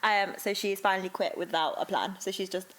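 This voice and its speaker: A woman's voice: mid-range voice, steady tone, a little fast, fairly bright tone, rough recording. A young woman co-hosting a podcast, chatting casually with teasing, giggly banter. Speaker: podcast co-host. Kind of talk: casual chat.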